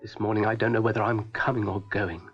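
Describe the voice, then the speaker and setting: A man's voice: lowish voice, steady tone, fast, faint music behind, lightly acted. An actor voicing a grumpy, vain shaggy male dog in a 1970s children's TV show, in a lugubrious manner. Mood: fussed. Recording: dull lo-fi archive recording.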